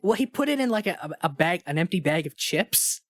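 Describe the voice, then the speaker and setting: A man's voice: high-pitched, sing-song, brisk, a bit bright, no echo. Dry-voiced man reading movie quotes. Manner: laughs often, reads quotes with relish. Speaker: podcast co-host. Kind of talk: casual chat, reading movie quotes aloud.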